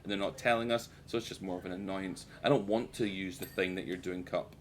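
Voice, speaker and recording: A man's voice: sits low, fairly even intonation, fairly quick, slight background noise. A man streaming a game and chatting casually, swearing freely and poking fun at himself. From United Kingdom. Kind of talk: casual live-stream chat while gaming.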